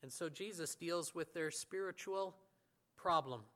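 A man delivers a sermon in a fairly high voice. He talks earnestly and stumbles over a few fillers. He often slows down and sinks to a near whisper on key words. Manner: earnest, with fillers and restarts, voice swings between hushed and raised. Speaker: pastor.

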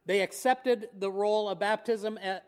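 High-voiced man preaching conversationally. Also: fairly even intonation, moderate pace, smooth. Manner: conversational, rhetorical questions, chuckles. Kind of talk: sermon.

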